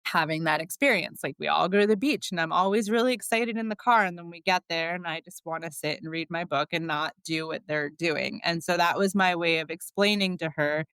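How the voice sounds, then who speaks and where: A woman's voice: on the low side, brisk, hardly any pauses, fairly bright tone, clean tone, dry recording. A woman guest on a podcast, telling her story in a candid, chatty way, with many filler words and frequent laughs.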